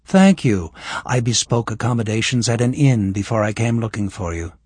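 A man voicing a frank, wry young woman healer in an audiobook, his voice lifted higher for her. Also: normal speed, slightly rough, no room sound. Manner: raised voice for a woman, expressive.

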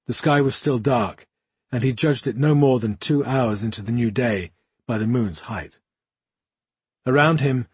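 A man reading a fantasy novel as an audiobook in a measured, even storytelling manner. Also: mid-range voice, husky, no room sound. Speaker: audiobook narrator. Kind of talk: scripted fantasy narration.

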